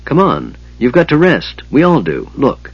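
A man voicing a patient, steady male half-elf leader who reasons calmly with his companions. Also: mid-range voice, unhurried, breathy edge, no room sound, lo-fi sound, voice pushed up, exaggerated voice.

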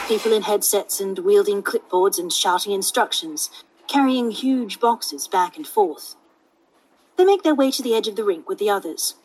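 A woman's voice: medium pitch, a little mellow, a little hiss or hum, low-quality recording. A woman reading a story aloud in a casual way, who swears at her own slips. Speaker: reader. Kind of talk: reading fan fiction aloud.

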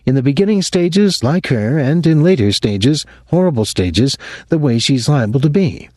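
A man's voice: fairly high pitch, expressive, normal speed, dark tone, no echo, studio quality, voice pushed up. A man reading an audiobook, voicing a worried woman who talks in an urgent, pleading way. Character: young woman, earnest and worried.

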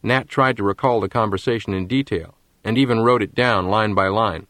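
A man reading a story aloud in scripted narration, with a measured storytelling manner. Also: lowish voice, fairly bright tone, no room sound. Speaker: audiobook narrator.

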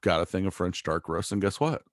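A man's voice: low-pitched, lively intonation, fairly quick, dry recording, studio quality. A man chatting casually, rambling through stories, swearing offhandedly and laughing often. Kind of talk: casual chat.

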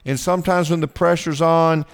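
A man delivers a folksy sermon, reading scripture and reflecting on it, now hushed and now emphatic. His voice is smooth and resonant. It carries a long hall reverb. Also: on the high side, fairly even intonation, normal speed. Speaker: preacher.

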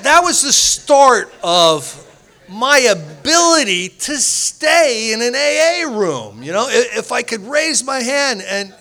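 A man shares his recovery story with a group in an animated, storytelling way. He acts out what people said and laughs often. His voice sits high and has a gravelly fry with a bright, sharp edge. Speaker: speaker at a recovery meeting.

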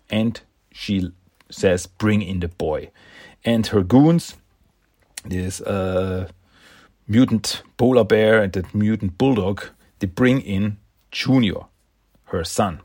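A man's voice: lowish voice, darkish tone, slightly rough, no echo, studio quality. A man casually recapping a comic book issue, enthusiastic and rambling, often laughing and restarting words.

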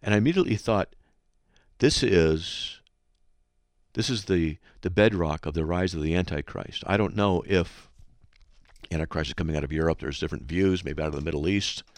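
A man's voice: low-pitched, normal speed, no echo. A man hosting a Christian call-in radio show, telling a story in an earnest, exhorting way.

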